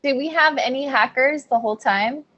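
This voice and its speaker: Woman, fairly high voice, playful, teasing, video call chat. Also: moderate pace, bright, forceful tone, highs cut off. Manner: joking, playful. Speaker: festival organizer.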